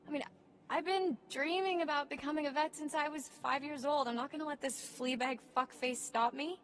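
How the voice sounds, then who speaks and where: A woman's voice: sits high, fairly even intonation, a little fast, natural voice. An actress playing a blunt, fiery young woman camp counselor who swears a lot in a game cutscene. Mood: angry.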